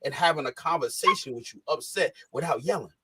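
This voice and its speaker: A man talks in a husky voice that swings widely in pitch. He lectures emphatically and repeats his points in casual conversation. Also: lively intonation, fairly quick, pushed and bright. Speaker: podcast host. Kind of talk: casual chat.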